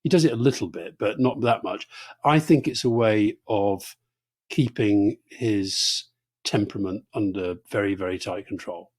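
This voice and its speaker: Mellow dry-sounding older man. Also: on the low side, husky, no room sound. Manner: brisk, fills pauses with um and uh. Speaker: podcast co-host. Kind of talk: casual conversation.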